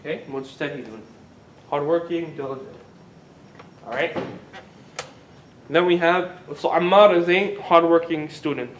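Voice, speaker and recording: A man teaching an Arabic grammar class, asking the students questions, having them repeat words and drawing words out slowly to model them. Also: fairly even intonation, distant mic. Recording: echoey classroom recording with faint rumble.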